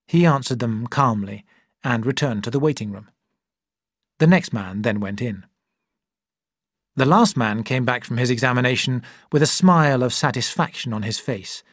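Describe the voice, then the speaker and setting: A narrator reading a story slowly and clearly for English learners. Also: mid-range voice, lively intonation, no room sound, studio quality.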